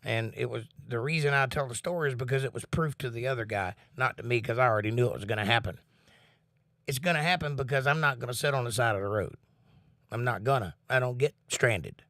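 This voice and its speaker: A man of middle pitch talks loosely and earnestly to his viewers, reading their comments aloud and sharing thoughts on faith. He sits close to the mic in a dry room at home. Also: fast talker, no echo. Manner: relaxed, earnest, talks about faith and reads chat comments. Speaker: livestream host. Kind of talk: casual chat with viewers.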